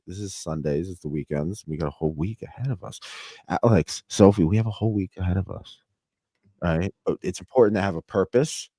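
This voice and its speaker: A male podcast host with a very deep voice, chatting casually with his guests. He gushes with effusive thanks and enthusiasm. The sound is dry, like a video call. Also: dark tone, slightly rough, dry recording. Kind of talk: casual interview chat.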